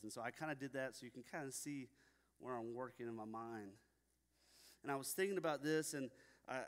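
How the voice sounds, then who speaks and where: A young man preaching a sermon at a church, telling stories casually with many fillers. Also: mid-range voice. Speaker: pastor. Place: church sanctuary. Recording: long reverb in a hall.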